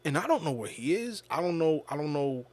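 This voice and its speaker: A man's voice: a little high, big pitch swings, a little fast, a little mellow, no room sound. A man hosting a podcast, telling a personal story in a casual, reflective monologue. He often stops and repeats words, and he swears freely. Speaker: podcast host.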